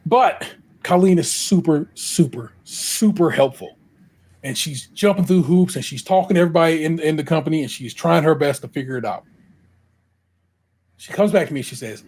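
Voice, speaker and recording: A man's voice: fairly high pitch, moderate pace, darkish tone. A middle-aged man with an Ohio accent, co-hosting a podcast, telling a long story in casual chat. He laughs often and acts out what people said. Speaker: podcast co-host.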